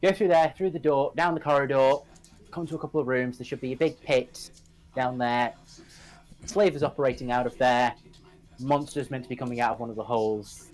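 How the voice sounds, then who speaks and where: A man's voice: medium pitch, steady tone, fairly quick, darkish tone, rough recording. A man as a player in a tabletop game, chatting casually and explaining plans.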